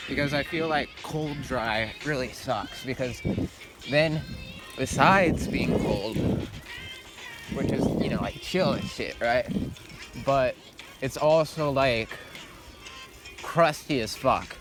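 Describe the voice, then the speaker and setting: Heading uphill outside before sunrise, a man with a mid-range voice vlogs slowly with long pauses as music plays under him. His casual talk meanders, full of swear words, ums, and likes.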